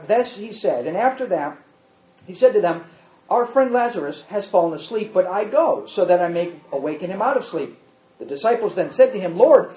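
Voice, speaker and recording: High-voiced emphatic male Bible teacher. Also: darkish tone. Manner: emphatic, repeats points, quizzes listeners. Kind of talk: teaching Bible study, reading and explaining scripture. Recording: dull echoey room recording.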